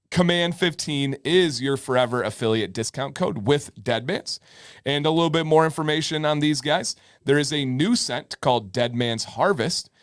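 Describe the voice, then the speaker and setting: A man's voice: medium pitch, smooth, no room sound, clean studio sound. Joking live-stream co-host, a man. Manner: joking, playfully argumentative. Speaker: podcast co-host. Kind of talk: casual live-stream chat.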